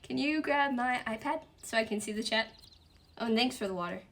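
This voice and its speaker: Bubbly young woman, slightly high voice. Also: a little fast, fairly bright tone, a little hiss or hum. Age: 20s. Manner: chatty and giggly, laughs often. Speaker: streamer hosting a dinner stream. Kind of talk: casual livestream chat. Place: at home.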